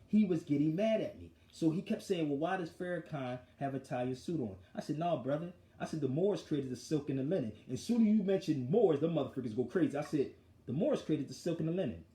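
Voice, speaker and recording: A man hosting a talk show, telling the story of an argument in a forceful, animated way. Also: a little high, brisk, roomy sound. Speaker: show host. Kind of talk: casual street talk storytelling.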